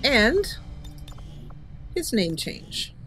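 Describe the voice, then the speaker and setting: A woman's voice: fairly high pitch, big pitch swings, extremely slow, fairly bright tone, faint music behind. A woman hosting a let's-play, chatting casually as she thinks aloud, with frequent hesitant fillers and small chuckles. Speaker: gaming channel host.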